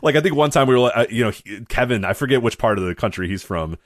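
Fast, rambling male podcast co-host. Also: mid-range voice, lively intonation, no room sound, clean studio sound. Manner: rambling, self-correcting, laughs while telling stories. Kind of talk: casual chat.

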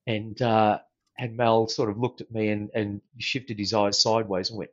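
A husky, very deep-voiced Australian man recounts an old story in an easygoing, anecdotal way, with plenty of ums and restarts. The sound is dry and a bit dull and lo-fi. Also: level tone, no room sound. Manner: unhurried, anecdotal, with frequent fillers and restarts. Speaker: guest, former police officer. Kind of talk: casual storytelling in an interview.

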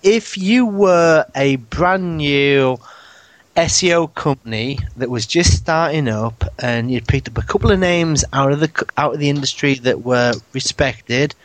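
A man's voice: fairly high pitch, measured pace. A man hosting a live radio show, joking and rambling with swearing and laughs. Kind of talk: casual live radio banter.

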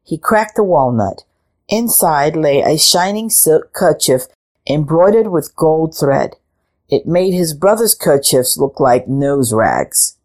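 Slow, expressive woman storyteller. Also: deep voice. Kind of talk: picture book read-aloud.

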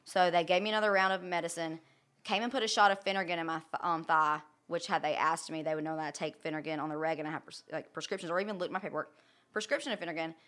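A young woman tells a personal story in a casual, unfiltered way. Her voice sits somewhat low for a woman. She is blunt and profane and keeps checking in with her listener. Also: steady tone, quick pace, fairly bright tone.

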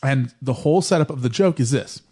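A man's voice: mid-range voice, a little fast, mellow, husky. A man co-hosting a podcast in casual chat, joking and telling rambling stories. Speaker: podcast co-host.

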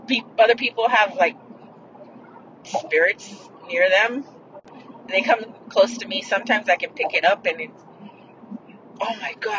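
A woman's voice: fairly low pitch, fairly bright tone, lo-fi sound, a little hiss or hum. A woman hosting a podcast, casually telling stories in a rambling way and swearing freely. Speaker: podcast host. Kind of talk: casual storytelling.

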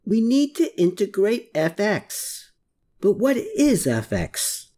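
A narrator voicing a determined, obsessed man searching a cellar, pitched above their own voice and growing urgent. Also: huge pitch swings, takes it slowly, dark tone, exaggerated voice.

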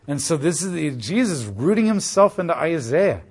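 A man's voice: fairly high pitch, very animated, normal speed, hardly any pauses, breathy edge. A man teaching a casual Bible study, explaining passages conversationally with asides and frequent "like".

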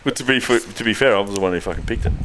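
A man's voice: fairly low pitch, racing, fairly bright tone, a little hiss or hum. A man co-hosting a podcast, reading joke news items in a crude, swearing, joking way. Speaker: podcast co-host.

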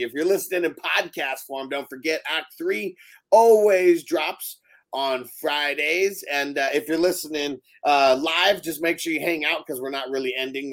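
A man's voice: on the high side, fairly bright tone. A man hosting a podcast, recapping a film in a casual, rambling, laughing chat. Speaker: podcast host. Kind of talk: casual movie review chat.

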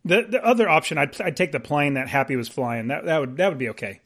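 A man's voice: a little high, lively intonation, quick pace, a bit bright. A man co-hosting a casual podcast chat, rambling with restarts and laughing often. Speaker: podcast co-host.

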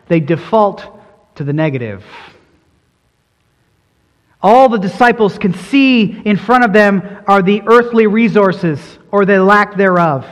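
A man's voice: high-pitched, a bit bright, big-room sound. A man preaching a sermon in an earnest, emphatic way, his delivery rising and falling as he presses his points.

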